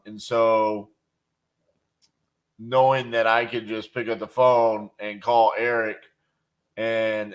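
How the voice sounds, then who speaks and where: A man hosting a casual live stream, chatting and leaving upbeat voicemails to sellers. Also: lowish voice. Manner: relaxed and chatty, quick laughs, upbeat on calls. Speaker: real estate wholesaler and channel host.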